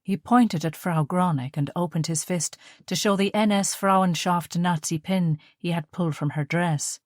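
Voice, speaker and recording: A woman's voice: lowish voice, moderate pace, no room sound. Woman narrating an audiobook, dry and close.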